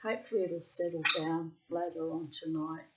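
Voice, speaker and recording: Middle-aged woman, lowish voice, blunt and swearing, diary-reading monologue, muffled lo-fi sound. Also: level tone, moderate pace, very noisy. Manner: frank and profane, breaks into loud laughter. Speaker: diarist reading her journal aloud. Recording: dull, lo-fi sound.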